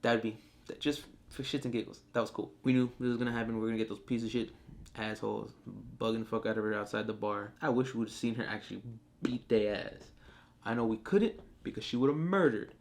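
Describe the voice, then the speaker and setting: A man reviewing a TV show in casual, profane talk, acting out the characters as he goes. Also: medium pitch. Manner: animated, profane, acts out characters.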